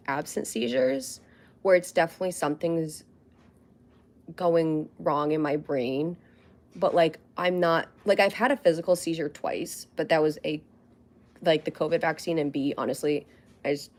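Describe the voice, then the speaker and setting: A young woman hosting a casual livestream, chatting in a rambling way with frequent fillers and laughs. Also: low-pitched. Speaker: livestream host.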